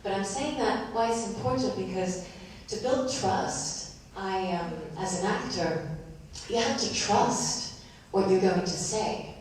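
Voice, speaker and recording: A woman's voice: medium pitch, slow, darkish tone, a little hiss or hum. A woman on a discussion panel, speaking reflectively and searching for her words. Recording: echoey room, from far off.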